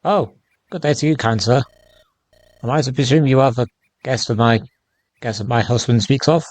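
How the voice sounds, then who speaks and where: A man voicing a kind village wife and mother in a raised, softer voice. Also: mid-range voice, normal speed, no echo, close to an everyday voice. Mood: concerned.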